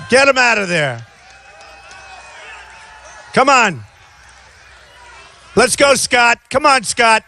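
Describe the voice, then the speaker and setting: Sixties guy ranting at an outdoor rally, crisp bright voice, keeps repeating stuff. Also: very high-pitched, a little hiss or hum. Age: 60s. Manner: rambling and repetitive, often shouting to a crowd. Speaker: presidential candidate. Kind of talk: off-the-cuff campaign rally speech.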